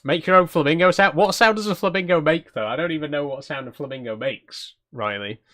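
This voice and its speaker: A man streams a cozy game, chatting casually, laughing a lot and poking fun at himself as he comments on the gameplay. His voice is a little high, brisk and a bit bright.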